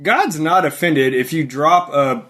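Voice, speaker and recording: A man's voice: a little high, animated, unhurried, sharp tone. A man hosting a podcast interview, blunt and empathetic in a casual conversational way. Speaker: podcast host.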